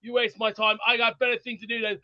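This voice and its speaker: A man trash-talking in brash banter, blustering and insulting, with sudden bursts into shouting. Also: extremely high pitch, level tone, quick pace, no echo, dull audio. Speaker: show regular.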